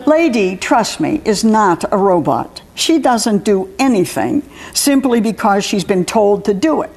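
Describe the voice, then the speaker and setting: A woman's voice: medium pitch, sing-song, a little slow, darkish tone. A woman author reading her own personal story aloud, with wry humor and frequent laughter.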